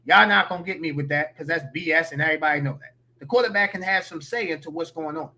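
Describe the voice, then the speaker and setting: A man's voice: fairly high pitch, fast, pushed and bright. A man giving opinionated, slangy sports talk as a podcast guest.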